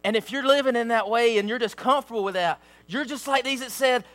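A man's voice: extremely high pitch, fast, a bit bright. A man preaching a sermon with emphatic, repeated rhetorical phrases.

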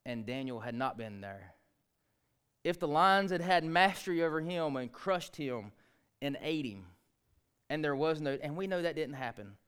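Impassioned preacher man. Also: clean tone. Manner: impassioned preaching, rising to near shouts and dropping low. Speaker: pastor. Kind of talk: sermon.

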